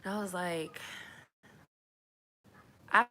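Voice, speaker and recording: A woman's voice: lowish voice, normal speed, creaky, sharp tone. A young woman, chatting candidly and emphatically to camera as a single mom. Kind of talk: casual chat to camera.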